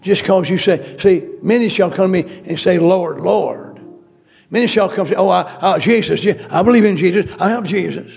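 A man's voice: high-pitched, moderate pace, vocal fry, a little mellow, faint music behind. A male preacher delivering a sermon, emphatic and repetitive, calling out questions to the congregation. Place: church.

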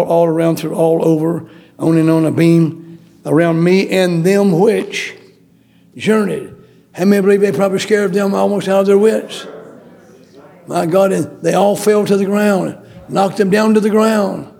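A man's voice: high voice, creaky, a little mellow. A man preaching a sermon, repeating phrases and restarting often as he builds emphasis.

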